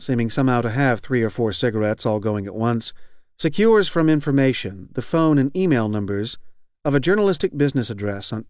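A man reading literary fiction aloud as an audiobook narrator, measured and even. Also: medium pitch, dry recording, clean studio sound. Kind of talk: scripted narration.

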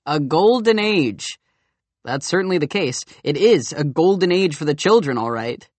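A man's voice: fairly high pitch, animated, normal speed, a little mellow, dry recording. A man voicing a skeptical young man who challenges a teacher with pointed questions and retorts in an audiobook dialogue.

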